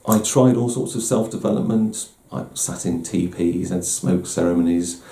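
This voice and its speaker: Man hosting a candid personal talk: middle-aged, deep gravelly dark voice, self-deprecating, slightly echoey room. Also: normal speed. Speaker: host. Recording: roomy echo.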